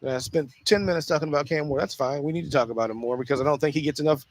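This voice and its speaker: A man hosting a casual solo sports talk show, speaking in an animated way with frequent restarts and repeated phrases. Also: medium pitch, a little fast, gravelly, no room sound.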